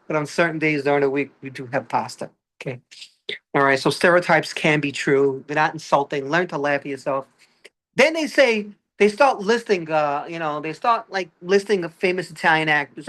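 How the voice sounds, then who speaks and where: Doing a stand-up routine, this Brooklyn-born comic speaks briskly in a fairly high voice with a thick local accent. He's chatty and lively, sprinkling "all right" throughout as he talks to the crowd.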